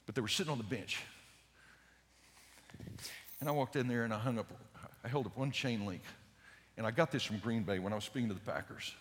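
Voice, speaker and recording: An older man preaching an evangelistic sermon, telling stories fervently and swinging from loud urgent peaks to hushed lows. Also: a little fast, long pauses. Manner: storytelling with many repeated words. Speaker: speaker. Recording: long reverb in a large hall.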